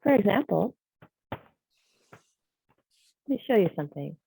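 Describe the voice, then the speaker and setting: Over a video call, a woman voices a deaf trainer's signed talk into speech as a live interpretation of a training session, explaining patiently and conversationally. Her medium-pitched, mellow voice is sing-song and unhurried, with vocal fry, and the audio is poor with slight background noise.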